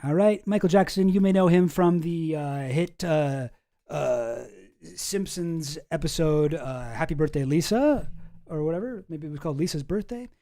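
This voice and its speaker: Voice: medium pitch, moderate pace, dark tone. A streamer giving casual commentary on news files, rambling, sarcastic and swearing freely, with many restarts.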